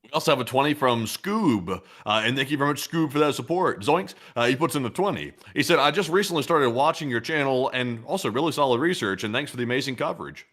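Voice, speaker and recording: A man with a mid-range voice hosts a casual livestream. He reads viewer messages aloud and tells stories in a relaxed, joking way. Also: mid-range voice, fast, hardly any pauses. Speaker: host. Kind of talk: casual livestream chat, reading viewer donations.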